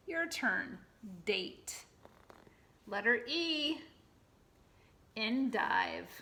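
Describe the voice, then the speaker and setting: Bright, slow sing-song preschool teacher woman. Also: a little high. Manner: slow, sing-song call-and-response prompting. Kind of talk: circle-time read-aloud.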